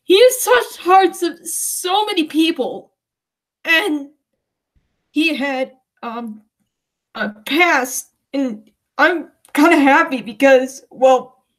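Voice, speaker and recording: A woman from the United States hosting a casual livestream, hesitant and emotional, close to tears, with many pauses and restarts. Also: high-pitched, animated, fairly bright tone. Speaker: livestream host.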